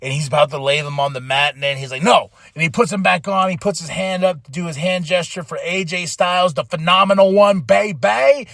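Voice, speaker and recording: A man with a fairly high voice talks through a casual podcast recap. He sounds emotional and rambles, restarting his sentences often, and the recording is dry and close. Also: fairly quick, hardly any pauses, fairly bright tone, no room sound. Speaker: podcast host.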